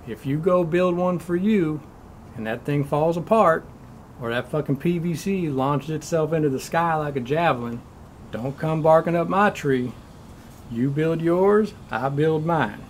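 A man's voice: on the high side, a little mellow, slight background noise, natural voice. A middle-aged man playing a crude, folksy handyman who rambles along in profane slang, in a comedic monologue.

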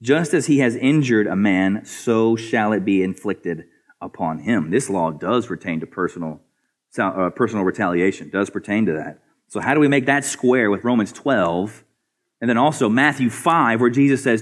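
A male pastor preaching a sermon earnestly, asking rhetorical questions and often repeating words as he builds a point. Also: moderate pace. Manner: swings between soft, low asides and raised, higher emphatic passages.

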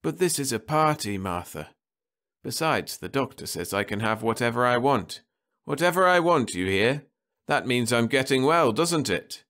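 Man playing a dying old spaceman, wheezing, sardonic, stubborn, a bit higher than his own voice. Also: lively intonation, normal speed, fairly bright tone, close to an everyday voice. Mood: insistent.

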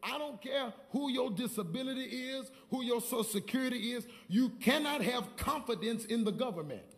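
A man's voice: extremely high pitch, lively intonation, moderate pace, big-room sound. A man preaching a sermon as a prophet, telling stories with quoted dialogue and leading call-and-response with the congregation. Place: church.

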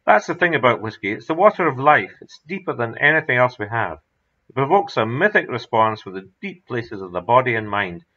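A man voicing a passionate, obsessive older drinker who gets fervent and quick when he talks about whisky. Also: mid-range voice, big pitch swings, sharp tone. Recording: dull lo-fi recording.

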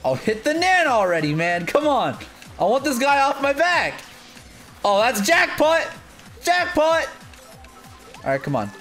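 A man with a high, lively voice calls his own gameplay as it happens. He talks in an unhurried way and teases himself as he plays. Faint game music plays under him. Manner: excitable, jumps between muttering and shouting; self-mocking. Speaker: gaming video creator. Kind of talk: live gameplay commentary.

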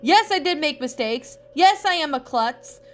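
A woman's voice: high-pitched, normal speed, a bit bright, pitched above the performer's own voice. A woman voicing an upset young male puppy in a fan fiction reading, with a raised, emotional delivery. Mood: angry.

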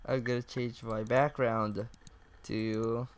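A man's voice: medium pitch, level tone, takes it slowly, no room sound. A young man casually commenting while playing a chat game, reading messages aloud, swearing and laughing often. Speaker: gaming YouTuber. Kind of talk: casual let's-play commentary.

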